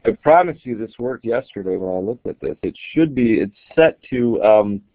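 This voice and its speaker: A man's voice: fairly low pitch, lively intonation, moderate pace, no echo. A man giving a casual, explanatory walkthrough of an app in a screen-recorded tutorial, thinking aloud as he demonstrates. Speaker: app reviewer. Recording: tinny, dry, phone-like audio.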